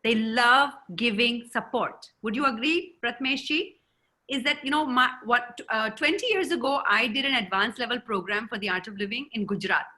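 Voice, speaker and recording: A woman's voice: fairly high pitch, normal speed. A woman who grew up in America, giving an online communication seminar as a trainer and calling on participants by name over a video call. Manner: lively, addresses participants by name.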